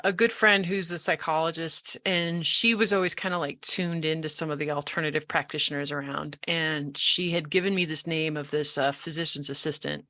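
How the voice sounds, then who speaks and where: A woman in her forties from Colorado, a guest telling her story in a casual interview, animated, acting out the voices she quotes, with frequent restarts. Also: low voice, no echo, clean studio sound.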